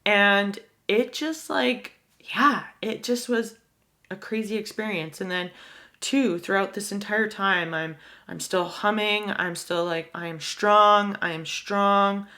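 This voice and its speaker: A woman's voice: medium pitch, slow pace, bright, forceful tone. A young woman telling a personal story to her viewers in a casual, candid way, with lots of "like" fillers. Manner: chatty and candid, many "like" fillers. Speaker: vlogger.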